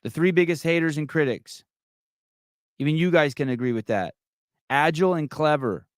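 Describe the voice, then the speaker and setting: In clean studio audio with no room sound, a middle-aged podcast host speaks at normal speed in a slightly high voice. Running a live call-in show, he's brash, mocking and profane as he chats casually.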